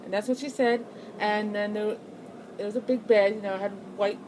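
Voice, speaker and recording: A woman's voice: medium pitch, fairly even intonation, normal speed, background noise. A young woman telling a personal ghost story in a casual, rambling way, full of fillers and restarts. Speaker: channel host.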